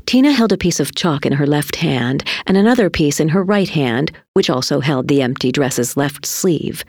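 Lady reading a kids story, low voice, swoops all over, dry close sound. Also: husky, dry recording. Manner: slow and highly animated. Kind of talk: expressive storybook read-aloud.

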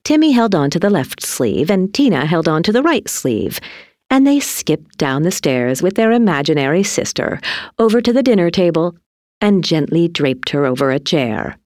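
A woman reading a children's story aloud in an expressive, deliberate storytelling manner. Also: lowish voice, no echo, clean studio sound. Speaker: narrator.

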